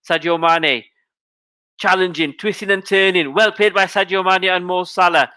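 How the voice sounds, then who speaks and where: Guy doing live footy commentary, bright crisp voice, dry close mic. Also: high-pitched, dry recording. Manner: rapid running play-by-play, rising to excited shouting at goals. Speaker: football commentator.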